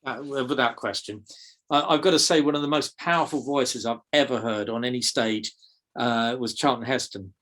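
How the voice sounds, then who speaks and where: English man, softened accent, mid-pitched, halting delivery full of fillers; interview guest. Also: fairly even intonation. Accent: English, softened toward RP. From South London, England. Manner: hesitant, many fillers and repeated words. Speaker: magic teacher, guest. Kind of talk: conversational interview.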